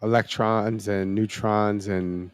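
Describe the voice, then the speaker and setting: A man co-hosting a podcast in casual chat, talking in an easygoing, halting way with fillers. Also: on the low side, flat delivery, clear, resonant tone, dry recording. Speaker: podcast co-host.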